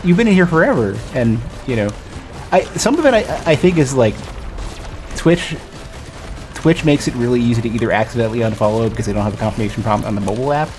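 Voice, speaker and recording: A man's voice: mid-range voice, lively intonation, fast, a little mellow, a little hiss or hum. A man streaming a video game, chatting casually and rambling with many restarts. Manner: rambling, self-interrupting, lots of restarts. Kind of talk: casual gaming stream chat.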